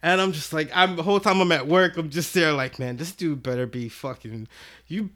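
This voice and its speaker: A man spins a loose, profane story on a casual podcast, slipping in and out of the voices of the people involved. His voice sits a bit high for a man and sounds bright and forceful. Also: a little fast. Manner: animated, profane storyteller who acts out quotes. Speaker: podcast guest.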